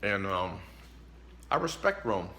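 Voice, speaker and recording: A man's voice: fairly low pitch, big pitch swings, takes it slowly, bright, forceful tone. A man giving casual motivational advice straight to the camera, emphatic and preachy, chuckling between points and eating as he talks. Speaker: vlogger giving life advice.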